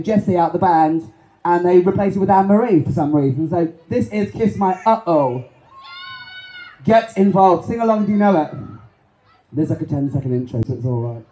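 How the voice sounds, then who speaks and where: A man performing in drag at a pride event, doing camp, sassy joking banter to the crowd in a hoarse voice. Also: sits high. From London. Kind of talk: stage banter between songs. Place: outdoor pride festival stage. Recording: echoey PA over loud music.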